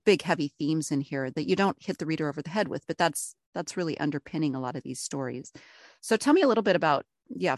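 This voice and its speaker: A woman's voice: low-pitched, no room sound, studio quality. A woman interviewing an author, asking thoughtful, searching questions. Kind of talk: conversational interview.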